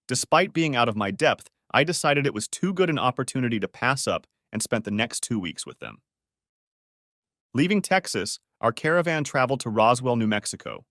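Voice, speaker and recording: A man narrating a first-person story in a steady, even reading. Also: medium pitch, no echo, clean studio sound.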